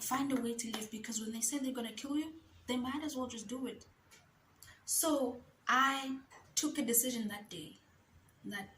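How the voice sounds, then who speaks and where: A woman's voice: fairly high pitch, a bit bright, a little hiss or hum. Candid woman, roomy sound. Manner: candid, emotional, acts out remembered dialogue. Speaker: vlogger. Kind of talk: personal storytelling to camera.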